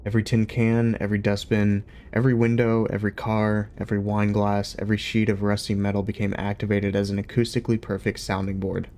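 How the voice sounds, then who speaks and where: A young man on a livestream, reading a novel aloud and chatting casually between chapters with a relaxed, easygoing manner. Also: on the low side, brisk, hardly any pauses, a little hiss or hum. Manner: relaxed, chatty, laughs easily. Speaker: streamer reading a book aloud.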